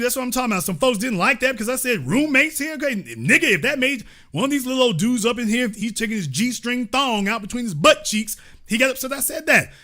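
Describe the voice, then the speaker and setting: A man's voice: extremely high pitch, bright, forceful tone. A man hosting a profane, comedic political rant, often acting out the voices of the people he quotes. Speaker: political commentary host.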